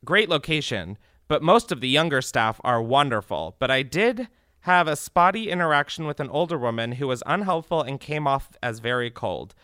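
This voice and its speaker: A young man hosting a comedy podcast, reading reviews aloud with sarcastic, swearing commentary. His pitch leaps around constantly, and his tone is bright and sharp. The sound is dry and close. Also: moderate pace, smooth, no room sound. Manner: animated, sarcastic, swearing, laughing often. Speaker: podcast host.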